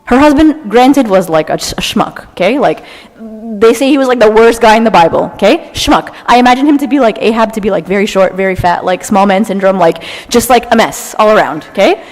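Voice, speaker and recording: A young woman giving an animated, dramatic talk to a church audience, often tagging her lines with "okay?". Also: mid-range voice, fairly quick. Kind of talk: lively talk to a live audience. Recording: long hall reverb.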